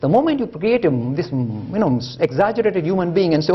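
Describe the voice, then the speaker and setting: A man's voice: sits high, sing-song, brisk, few pauses, breathy edge, dull audio. A man giving a public lecture, storytelling with humor and emphatic delivery.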